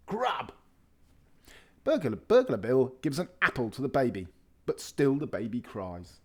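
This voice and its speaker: A man reading a children's picture book aloud, telling it with real expression. His pitch sits in the middle but moves a great deal, rising and falling through the sentences. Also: normal speed, slightly rough. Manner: lively expressive storytelling. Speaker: storybook reader.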